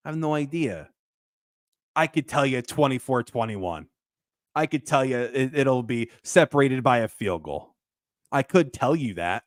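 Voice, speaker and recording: A man hosting a casual sports talk show, animated and emphatic, often repeating his points. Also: medium pitch, dry recording, studio quality.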